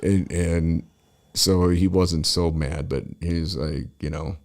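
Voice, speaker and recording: Deep-voiced man in his forties telling stories. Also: fairly even intonation, takes it slowly, gravelly, darkish tone. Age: 40s. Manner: rambling, profane, lots of fillers and restarts. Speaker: podcast host. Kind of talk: casual storytelling chat.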